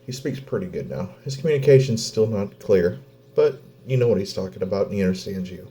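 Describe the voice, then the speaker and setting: A father from Oklahoma vents in a personal vlog, blunt and swearing heavily, near tears, with halting pauses. His voice is on the low side, warm in tone, and expressive.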